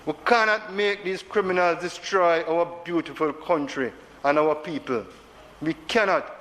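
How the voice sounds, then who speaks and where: A man with a Jamaican accent, speaking as a senator, pours emotion into a parliamentary address and leans on repeated phrases. His voice runs a little high and a bit bright, steady in tone at a moderate pace. Echo fills the large chamber, with faint background noise.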